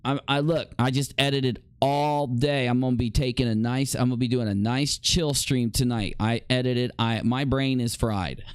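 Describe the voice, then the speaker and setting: A man's voice: medium pitch, fairly even intonation, moderate pace, clean tone, no echo. A man streaming live, rambling and confronting a critic directly. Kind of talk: livestream commentary.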